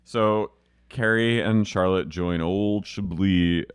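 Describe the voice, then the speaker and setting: A man's voice: deep voice, slow pace, clean tone, no echo, studio quality. A man co-hosting a podcast, recapping a TV show in a playful, drawling, joking way. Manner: playful, drawling storyteller who riffs on jokes. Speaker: podcast co-host. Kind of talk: casual TV recap chat.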